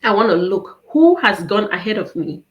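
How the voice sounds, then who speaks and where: A woman's voice: medium pitch, moderate pace, muffled recording. A woman from Cameroon, likely in her thirties, telling her story earnestly as an interview guest. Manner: earnest, storytelling with animated quoted dialogue.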